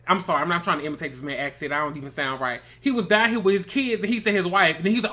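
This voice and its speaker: A man's voice: high voice, animated, fast talker, few pauses, pushed and bright. A man from Mississippi, hosting a casual, gossipy reality TV recap and calling listeners baby and girl. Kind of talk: casual review commentary.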